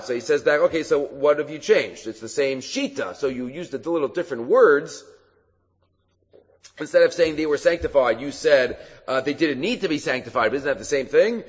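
Husky-voiced man teaching a Talmud class. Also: medium pitch. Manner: animated, acts out quoted rabbis in a raised voice; halting, with many fillers and restarts. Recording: reverberant hall, dull lo-fi sound.

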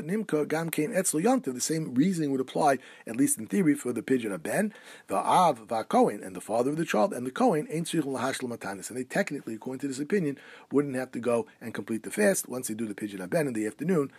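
Male Torah teacher, slightly husky, quick paced lesson delivery. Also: mid-range voice, no echo. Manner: quick, lively delivery, switching between Hebrew terms and English explanation. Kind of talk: halacha lesson reading and translating texts.

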